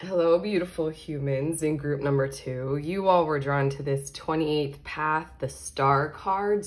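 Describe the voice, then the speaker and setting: A woman giving a casual tarot card reading, excitable and chatty, laughing often and filling her talk with "like" and "you know". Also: low-pitched. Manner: excitable, giggly, chatty with many fillers. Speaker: tarot reader.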